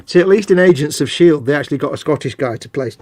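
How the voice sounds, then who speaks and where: A man's voice: a little high, lively intonation, fast talker, a little mellow, dry recording. A man co-hosting a casual live stream while painting miniatures, chatting and ranting with playful mock voices. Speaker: co-host.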